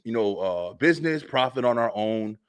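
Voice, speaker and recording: A man's voice: normal speed, clear, resonant tone, dry recording. A young man hosting a web show, telling funny stories in a loose, profane way and laughing often. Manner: animated, laughs often, profane, voice swings high when excited. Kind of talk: casual comedic storytelling.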